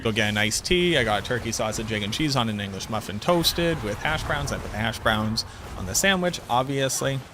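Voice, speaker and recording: A man's voice: medium pitch, expressive, a little fast, background noise. A man streaming a game, chatting casually in a rambling, talkative way and correcting himself mid-sentence. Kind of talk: casual chat while gaming.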